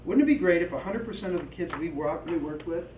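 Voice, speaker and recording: A man training a group on storytelling, lively, acting out little voices and asides as he teaches. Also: on the high side, fast talker. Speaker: presenter and trainer. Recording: echoey room, distant mic, faint noise.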